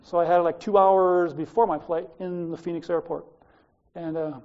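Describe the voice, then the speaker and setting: A man's voice: on the high side, fairly even intonation, normal speed, a little mellow, muffled recording. An older man with an Australian accent, preaching a sermon in a conversational storytelling way, with wandering asides. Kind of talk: sermon with personal stories.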